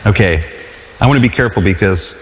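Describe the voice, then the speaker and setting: A man preaching a sermon in an earnest way, his voice dropping soft and then rising to loud cries. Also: lowish voice, quick pace, slight background noise. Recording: long hall reverb.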